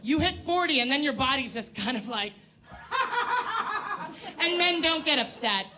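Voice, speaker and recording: A woman's voice: high voice, very animated, unhurried, heavy background noise. A woman in her forties doing a brash, profane stand-up comedy set on a comedy club stage, teasing the crowd. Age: 40s.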